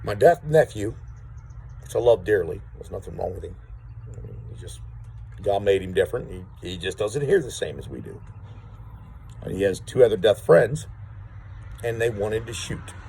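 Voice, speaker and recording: A man's voice: lowish voice, animated, normal speed, gravelly, pauses often, dark tone, slightly rough, poor audio. A man telling a rambling story to camera outdoors, repeating words and acting out what others said. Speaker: vlogger. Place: outdoors on rural property.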